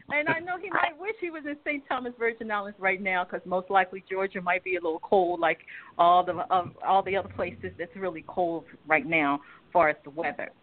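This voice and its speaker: A woman's voice: medium pitch, moderate pace. Chatty woman on a tinny phone line. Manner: chatty, laughs often, drawls words out. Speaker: guest, music company head. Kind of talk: casual radio chat.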